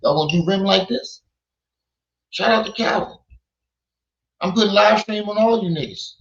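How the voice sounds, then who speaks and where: Guy ranting on his stream, scolds and repeats, kinda high voice, dull muffled audio. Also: moderate pace, gravelly. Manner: blunt, scolding, repetitive. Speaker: livestream host. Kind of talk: livestream commentary. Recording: echoey, dull lo-fi sound.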